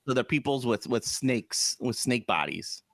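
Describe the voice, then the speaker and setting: A man co-hosts a casual podcast chat, animated and jokey, his pitch swinging widely. His voice sits at a middling pitch. The sound is close and dry, from a podcast mic. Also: unhurried, creaky, no room sound. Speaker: podcast co-host.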